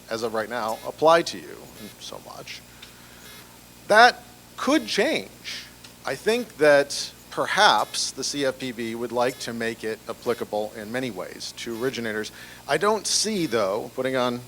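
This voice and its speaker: A man's voice: mid-range voice, a bit bright, a little hiss or hum. A man giving a conference presentation on banking compliance in a chatty, conversational way, with fillers and restarts. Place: large breakfast event room.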